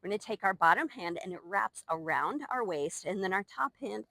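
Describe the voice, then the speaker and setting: A young woman instructs a live Pilates session, counting and encouraging while breathing hard from exercising too. Her mid-range voice is brisk, gravelly, bright and forceful, with lively intonation, and the new microphone picks up no room sound.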